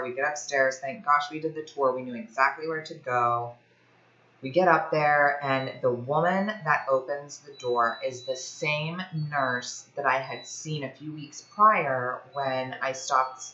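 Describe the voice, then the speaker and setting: A young woman from Ohio chatting casually to camera, telling a personal story in a lively way, with lots of fillers. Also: rumbling low, echoey room, dull audio. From Ohio, USA. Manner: chatty, animated, many fillers like "like". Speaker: fitness vlogger.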